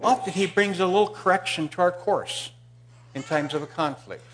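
A male pastor delivers a church sermon built around a Bible story, his voice sitting high at a normal speed. He swings between loud emphasis and hushed asides.

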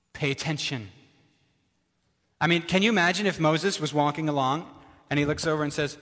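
Male pastor, sermon, bright higher voice, conversational, repeats for emphasis, echoey hall. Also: fairly even intonation, moderate pace, pauses often. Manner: conversational, emphatic repetition, asks the audience questions.

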